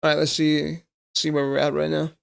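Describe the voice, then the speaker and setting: A young South African man with a squeaky voice, chatting excitably to viewers and swearing casually during live gameplay commentary. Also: a little fast, vocal fry, clear, resonant tone, no echo, clean studio sound. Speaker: game streamer.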